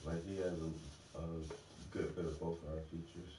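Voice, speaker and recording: A man's voice: sits low, fairly even intonation, moderate pace, mellow. A man hosting a casual livestream chat, laid-back and rambling, with lots of slang. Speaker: host. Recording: echoey room, far from mic, faint noise.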